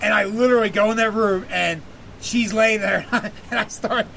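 A man's voice: high voice, fairly even intonation, moderate pace, vocal fry, pushed and bright, slight background noise. A man hosting a podcast, telling a long profane story in a rambling casual way and laughing often. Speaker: podcast host.

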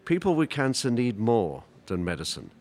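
A man hosting a panel discussion, introducing guests and topics calmly. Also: medium pitch, normal speed. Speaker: radio host moderating a panel. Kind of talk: moderating a discussion.

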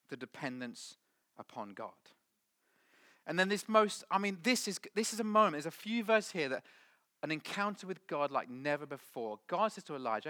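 A man preaching a sermon to a congregation, with dramatic swings from loud to hushed. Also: a little high. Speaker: pastor. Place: church hall with audience.

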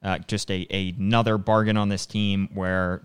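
A man co-hosting a casual sports podcast, talking briskly with frequent restarts. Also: on the low side, little pitch movement, smooth. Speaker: podcast co-host.

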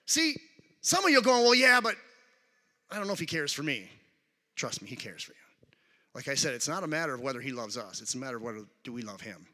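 Animated, bright-voiced male preacher. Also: on the high side, long reverb tail. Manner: animated, calls out to the congregation with questions. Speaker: guest preacher. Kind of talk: sermon. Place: church sanctuary.

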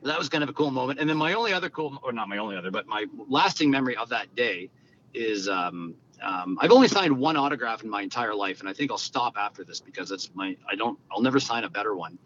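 Man telling lively stories, lo-fi. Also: fast. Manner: animated, acts out quoted dialogue. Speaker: guest telling golf stories. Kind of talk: conversational storytelling. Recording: dull lo-fi sound with faint rumble.

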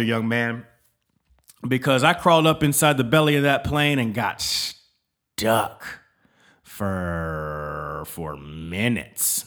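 A man's voice: mid-range voice, a bit bright. A man hosting a podcast, telling a casual, rambling story with lots of swearing and restarts, often checking in with "all right?". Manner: profane, rambling, with frequent restarts. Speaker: podcast host, military veteran.

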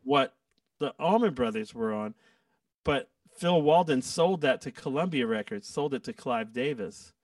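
A man's voice: medium pitch, measured pace, no room sound, far from the mic. Laid-back man telling road stories. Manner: animated, acts out quotes with laughs. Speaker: guest musician. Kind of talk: casual storytelling.

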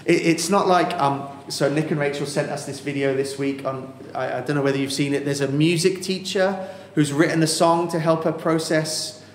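A man preaching a sermon, earnest and emphatic, slowing down with dramatic pauses on key words. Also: on the high side, steady tone, slight background noise. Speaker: pastor. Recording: echoey hall with faint ambience.

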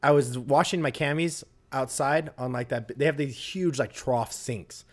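A man in casual chat, telling crude stories in a lively, laughing way and swearing freely. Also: mid-range voice, a little slow. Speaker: former recruit telling stories.

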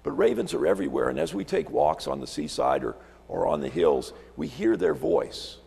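A man's voice: lowish voice, wildly swooping pitch, normal speed, gravelly, darkish tone, husky, long reverb tail. A man preaching a sermon as a visiting pastor from Alaska, telling stories, repeating words and asking rhetorical questions in a church sanctuary.

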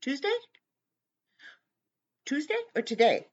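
A woman hosts her podcast in loose, casual chat, her bright voice swinging up and down in pitch as she talks at an unhurried pace. She bickers playfully with someone off-mic, all through a dull, lo-fi home mic. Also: very animated. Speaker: podcast host.

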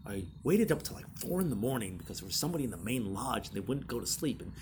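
A man hosting his own show, telling prank stories in a casual, animated way and acting out the quotes in high voices. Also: quick pace, noisy background. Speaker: podcast host. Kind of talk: casual storytelling monologue.

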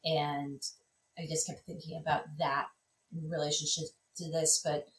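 A woman film critic, a guest in a casual conversation, talking in an animated way with many fillers and restarts. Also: deep voice, moderate pace, slight background noise. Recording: echoey room, distant mic.

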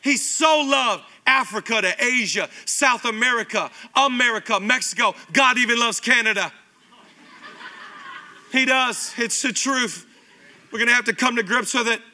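In a church auditorium, a man in his thirties preaches as pastor with a very high-pitched voice at a moderate pace. His delivery is animated and conversational, full of repetition.

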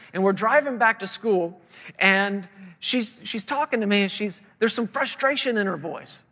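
A pastor in his thirties, preaching a sermon in a high, bright voice and spinning funny stories from his life. His voice echoes around a large church hall with a long reverb. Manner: storytelling, acting out voices, humorous.

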